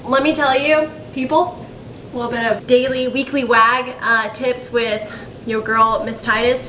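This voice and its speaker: A woman's voice: fairly high pitch, fairly even intonation, unhurried, bright, forceful tone, far from the mic, slight background noise. A young woman giving playful, mock-serious tips to the camera. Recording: echoey, from off-mic.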